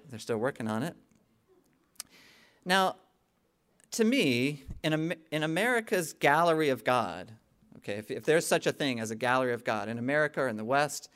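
A man's voice: mid-range voice, a bit bright. A middle-aged man preaching a sermon in a conversational way. He keeps checking in with the congregation and builds to emphatic peaks. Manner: frequent "okay?" check-ins with the congregation. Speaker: pastor.

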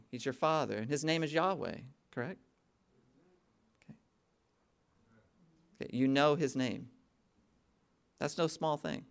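A man's voice: a little high, fairly bright tone, clear, resonant tone. A middle-aged man preaching a sermon in a conversational way. He keeps checking in with the congregation and builds to emphatic peaks. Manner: frequent "okay?" check-ins with the congregation. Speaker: pastor.

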